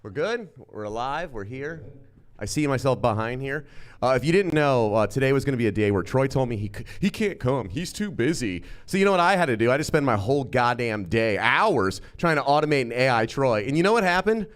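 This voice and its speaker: A man cohosting a show, telling a story in an animated, griping way. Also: medium pitch, a little fast. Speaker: show host. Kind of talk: casual chat.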